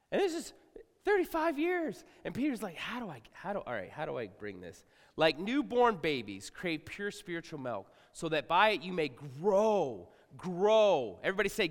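Energetic pastor in a reverberant hall. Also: male voice, sits high. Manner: conversational, swinging from quiet asides to loud outbursts. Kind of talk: sermon. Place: large church hall. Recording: live sermon with long hall reverb.

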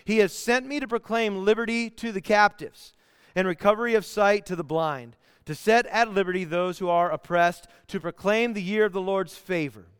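A man delivers a sermon in a high, clear, resonant voice. He tells stories with animation and sometimes bursts into song. The sound is dry and close. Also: normal speed, dry recording. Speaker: pastor.

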